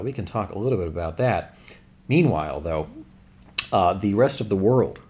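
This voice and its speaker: A man's voice: fairly low pitch, a little mellow. A man hosting a livestream, rambling through the news with wry self-corrections. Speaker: livestream host.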